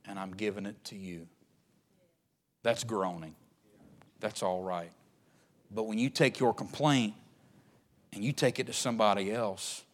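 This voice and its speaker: A man preaching a sermon as pastor, swinging between loud emphatic lines and hushed ones. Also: on the low side.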